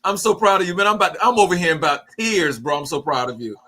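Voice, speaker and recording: A man speaking as an invited poet, effusive and excitable, his voice breaking with emotion as he pays tribute on a video call. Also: high-pitched, fast. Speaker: guest poet.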